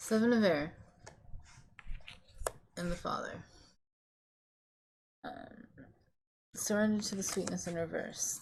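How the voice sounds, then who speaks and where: A woman with a low voice reads tarot cards in a slow, unhurried way. She rambles and hesitates, trailing off into fillers and restarts as she talks to the viewer in a relaxed, chatty reading. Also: noisy background. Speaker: tarot reader. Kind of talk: casual pick-a-card tarot reading.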